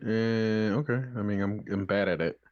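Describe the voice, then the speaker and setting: A man's voice: lowish voice, fairly even intonation, normal speed, highs cut off. A man playing a tabletop game, asking hesitant questions with lots of "uh". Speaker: player. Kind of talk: casual tabletop game chat.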